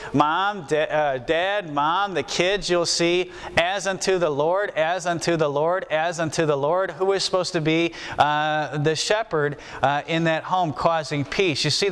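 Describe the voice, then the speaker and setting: A man preaches a sermon in a homespun, conversational way, often saying a phrase twice or three times to drive it home. His voice sits fairly high and sounds smooth and resonant. The long reverb of a church hall trails after his words. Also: fairly bright tone. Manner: folksy, repeats phrases for emphasis.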